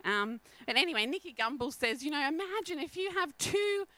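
An animated middle-aged woman, preaching a sermon and telling stories with frequent laughter. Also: high voice, brisk, no echo, poor audio. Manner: animated, laughing often, storytelling.

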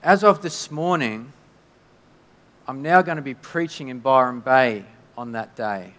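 A pastor quoting an earnest preacher husband. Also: male voice, mid-range voice, unhurried, a bit bright, lightly acted. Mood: apologetic. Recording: long hall reverb.

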